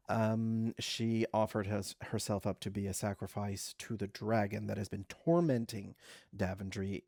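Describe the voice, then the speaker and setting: A man's voice: lowish voice, dark tone, dry recording, studio quality. A man hosting a casual let's play, chatting and reading game text aloud with a few self-corrections.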